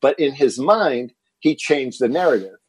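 Man, middle-aged, from Texas, husky, dry close sound, animated storyteller. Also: mid-range voice, moderate pace, dry recording, poor audio. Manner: animated storyteller acting out quoted dialogue. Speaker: guest. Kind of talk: storytelling interview.

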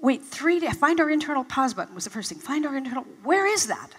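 Talking fast in a high-pitched voice with big pitch swings, the older motivational speaker tells stories to a live audience and acts out her past reactions with animation. The recording, made in a large event hall, is reverberant with slight background noise.

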